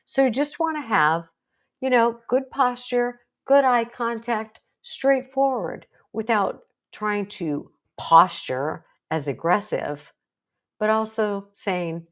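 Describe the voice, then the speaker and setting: A woman's voice: fairly high pitch, takes it slowly. A woman psychologist with a strong, assertive voice, giving an educational talk to viewers in a direct, coaching way. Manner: direct, coaching, self-deprecating asides.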